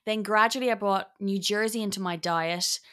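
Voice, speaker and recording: A woman, a podcast guest in casual chat, animated and laughing as she acts out little voices. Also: medium pitch, moderate pace.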